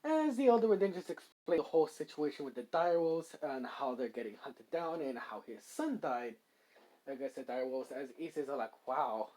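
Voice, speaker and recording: A man's voice: on the high side, lively intonation, fairly quick, mellow. Casual male storyteller, rambling improvised narration. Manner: rambling, many fillers and hedges.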